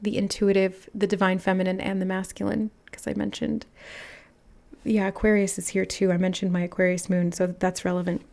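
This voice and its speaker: Soft-spoken woman giving a tarot reading. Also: medium pitch, flat delivery, a little fast, creaky. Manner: musing, soft-spoken, channeling aloud. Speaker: tarot reader. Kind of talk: intuitive spiritual reading.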